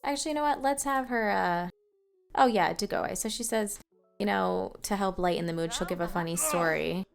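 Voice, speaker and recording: Narrating her game at a normal speed, a woman with a mid-range voice and some vocal fry keeps things casual, dropping fillers and small laughs. Game music can be heard behind her let's play commentary.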